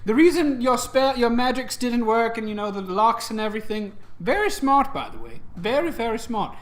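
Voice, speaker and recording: Brief: playful gnome god of humor, teasing and long-winded, done by a man in his own high, bouncy voice. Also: sing-song, moderate pace, fairly bright tone, full character voice. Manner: chummy, rambling, teasing. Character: mischievous male gnome god of humor, jokey. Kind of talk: improvised tabletop game voice.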